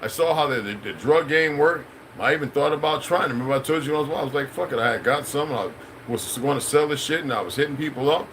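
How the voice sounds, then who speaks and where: A man's voice: a little high, fast, a bit bright, slight background noise, low-quality recording. A middle-aged man, a channel host, in a rambling, profane, preachy unscripted monologue.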